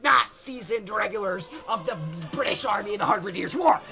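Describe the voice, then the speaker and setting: A man's voice: high voice, normal speed, creaky, music in the background, a crowd in the background. A young man narrating history as a crude, rambling comedy bit, mocking and swearing as he goes. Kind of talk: comic history explainer.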